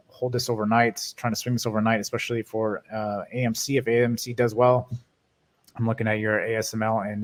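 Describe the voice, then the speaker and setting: A man hosting a stock market video, giving casual commentary on the week's picks with many fillers and hedges. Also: fairly low pitch. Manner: many fillers and restarts, hedging predictions.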